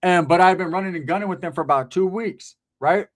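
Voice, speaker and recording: A middle-aged man tells a rough street story in loose, profane slang and keeps checking in with the listener by asking "right?". His voice sits a bit higher than most men's, and his telling stays lively and animated throughout. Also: brisk.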